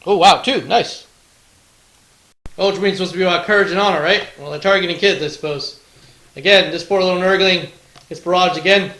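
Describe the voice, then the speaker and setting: A man's voice: sits high, brisk, pauses often, bright, forceful tone, poor audio. A man hosting a tabletop wargame battle report, chatting casually through the play, counting dice aloud and throwing in playful taunts.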